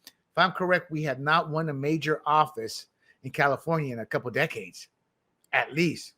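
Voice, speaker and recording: High, bright-voiced combative male commentator. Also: normal speed. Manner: combative, emphatic, scornful. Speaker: political commentary host. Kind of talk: opinionated political commentary.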